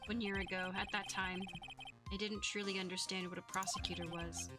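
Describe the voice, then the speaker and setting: A woman voicing a haughty, formal male prosecutor speaking in a measured way in a video game. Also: mid-range voice, little pitch movement, over music, pitched below the performer's own voice, natural voice. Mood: solemn.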